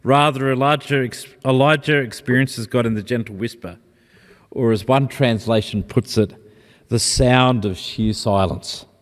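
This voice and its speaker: A man preaching a sermon in a gentle, reflective, personal way. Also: medium pitch, unhurried. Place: church. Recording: long church reverb.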